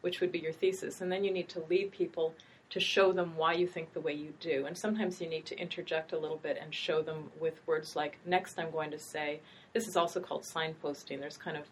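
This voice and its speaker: Middle-aged woman writing instructor hosting a talk, lowish voice, musing delivery, faint hiss behind. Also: fairly even intonation, brisk. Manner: thoughtful, meandering, with hesitations. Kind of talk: casual academic conversation.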